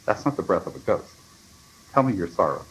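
A man reading as a deep solemn great lion. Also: expressive, a little fast, low-quality recording.

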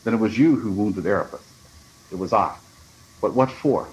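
A man voicing a frightened young boy in a storybook reading, high and pleading. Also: animated, normal speed, close to an everyday voice, poor audio.

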